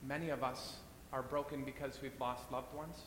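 A man's voice: fairly even intonation, normal speed, a bit bright. A man preaching a sermon in a church, earnest and repeating phrases for weight. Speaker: pastor. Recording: echoey church hall, faint rumble.

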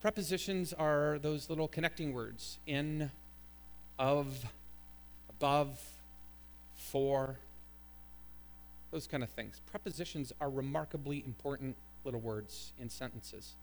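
A man's voice: mid-range voice, unhurried, pauses often. A male pastor preaching a sermon with emphatic, storytelling delivery.

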